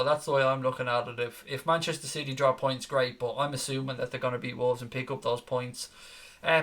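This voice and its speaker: Chatty, bright-voiced football host. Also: male voice, fairly high pitch. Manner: excitable, chatty, reads fan comments aloud then answers them with banter. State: ill with a stomach virus. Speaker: football channel host reading live chat. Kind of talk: post-match live chat reaction.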